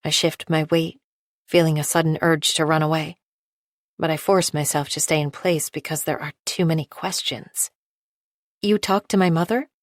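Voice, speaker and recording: A woman reading a first-person novel aloud in a measured, precise, detached way. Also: low-pitched, little pitch movement, no echo, clean studio sound. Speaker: audiobook narrator. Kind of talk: first-person scripted narration.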